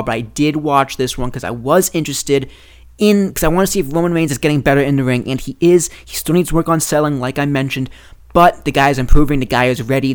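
A young man hosting a casual solo podcast, rambling and excitable, often cutting himself off. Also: fairly high pitch, clean tone. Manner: rambling, excitable, self-interrupting. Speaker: podcast host.

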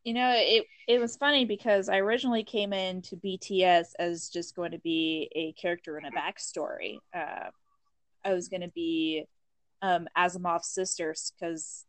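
A woman voice actress in a casual chat, chatty and quick to laugh. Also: on the low side, steady tone, no echo.

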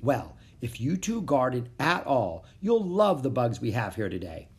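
A woman's voice: very deep voice, very animated, unhurried, a little mellow, breathy edge, exaggerated voice. A reader voicing a friendly woman selling bugs at a market booth, teaching with enthusiasm in a storybook reading. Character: friendly female bug seller at market.

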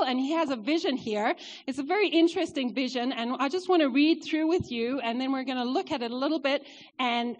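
High-voiced woman preaching in a reverberant church. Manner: earnest, rises for emphasis then drops soft. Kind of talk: sermon. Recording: long church hall reverb.

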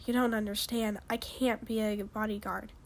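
A woman voicing a dutiful male dragon soldier who speaks quietly and respectfully. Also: mid-range voice, little pitch movement, normal speed, close to an everyday voice.

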